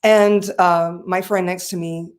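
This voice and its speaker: Animated woman telling a story as a guest. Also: lowish voice, a little slow. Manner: animated storyteller, laughs often and acts out quoted voices. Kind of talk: conversational storytelling.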